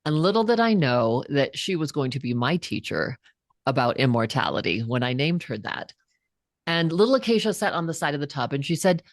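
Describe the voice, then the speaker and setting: Woman in her fifties, low voice, dry close sound, earnest storyteller, interview guest. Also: big pitch swings, brisk, no echo. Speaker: guest, psychotherapist and author.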